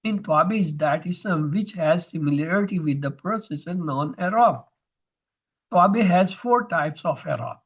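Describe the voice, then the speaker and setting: High-voiced man teaching grammar online. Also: expressive, normal speed, breathy edge, dull audio. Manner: methodical, explains terms step by step.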